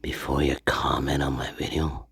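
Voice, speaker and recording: A man putting on a crude, husky ghost radio host. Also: very deep voice, level tone, normal speed, fairly bright tone, no echo, studio quality, exaggerated voice. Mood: indignant. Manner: profane, stammering, boastful rants. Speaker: channel host. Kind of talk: comedic character monologue.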